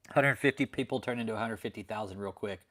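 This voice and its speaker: A man's voice: mid-range voice, a bit bright. Profane ranting man hosting a livestream. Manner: profane, ranting, answers chat. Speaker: livestream host.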